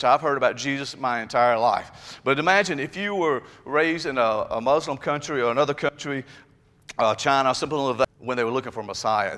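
A man preaching a sermon to his congregation, chatty and folksy, building up to loud emphatic stretches. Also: mid-range voice. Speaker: pastor. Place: church sanctuary. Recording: long reverb of a church hall.

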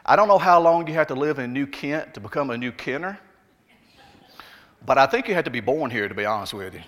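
A pastor with a Southern Alabama accent delivers a sermon in an easygoing, conversational way, turning to chat with his congregation. His voice sits at an ordinary pitch for a man. It rings out with a long reverb, as in a large church hall. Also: lively intonation, fairly quick, a bit bright. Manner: conversational, folksy asides to the congregation.

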